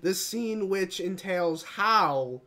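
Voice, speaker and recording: A gaming video creator doing let's play commentary, talking to the game and breaking into dramatic shouts and cries. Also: mid-range voice, lively intonation, extremely slow.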